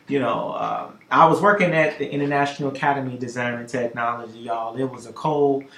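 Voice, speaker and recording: Guy telling a wild story, gets loud n squeaky at the big parts, echoey room. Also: a little fast, creaky. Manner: lively storyteller, swings loud and high for dramatic moments. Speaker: podcast host telling a story. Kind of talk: animated storytelling.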